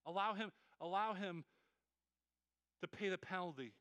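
Here a male pastor's sermon comes through in a high, bright, smooth voice, earnest and pleading yet stumbling over fast restarts and doubled words. It's a close, dry recording with a clear tone.

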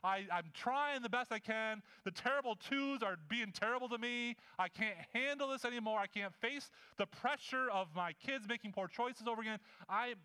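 A man's voice: high-pitched, very animated, unhurried, long pauses, sharp tone, heavily acted. A man preacher voicing an overworked, frustrated woman hostess in a dramatized sermon scene, complaining and pleading. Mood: exasperated.

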